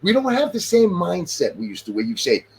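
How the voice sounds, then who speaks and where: Emphatic middle-aged man, lively pitch. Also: fairly quick, a loud crowd. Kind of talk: casual chat.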